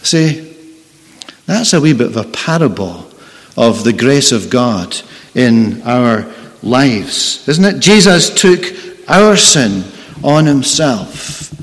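Earnest preacher in an echoing hall. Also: male voice, mid-range voice. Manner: earnest, emphatic, repeating key phrases. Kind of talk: sermon. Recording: long reverb in a large hall.

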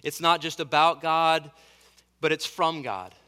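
A man's voice: on the high side, a little slow, bright, forceful tone, clean tone, in a large hall. A man preaching a sermon as pastor, earnest and emphatic, building on repeated phrases.

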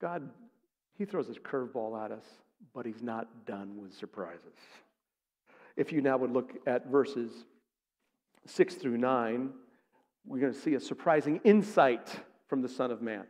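A man's voice: mid-range voice, animated, measured pace, long pauses, darkish tone. A man preaching a sermon as pastor, speaking emphatically and putting rhetorical questions to his congregation. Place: church sanctuary. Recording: long reverb of a large sanctuary.

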